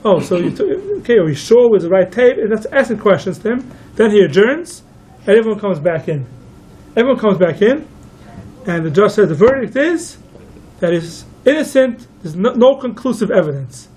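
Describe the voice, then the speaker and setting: A man's voice: high-pitched, lively intonation, a little fast, a little mellow, slightly rough, poor audio. A man, a rabbi, telling a long story to listeners and quoting each figure in turn. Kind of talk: storytelling talk.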